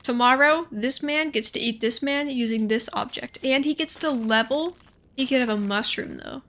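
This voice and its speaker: A young woman with a fairly high, bright voice gives loose, chatty commentary as she plays. She thinks aloud, muses in quick asides and talks to herself about her next moves. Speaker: gaming streamer. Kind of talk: casual gameplay commentary.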